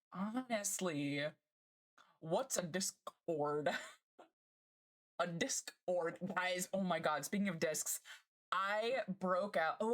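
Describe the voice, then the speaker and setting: Woman streamer, lower pitch, bubbly and gushing, laughs a lot, casual live chat. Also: fairly bright tone.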